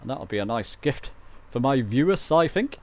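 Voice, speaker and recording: A man's voice: medium pitch, big pitch swings, moderate pace. Chatty man streaming a flight sim. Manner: chatty, rambling, self-mocking. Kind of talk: casual livestream chat.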